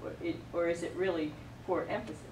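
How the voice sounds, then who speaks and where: Female student, lower voice, ponders and asks in class; far-off, roomy recording. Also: steady tone, quick pace. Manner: thoughtful, questioning, thinks aloud. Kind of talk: classroom discussion. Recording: echoey classroom from far off, noisy.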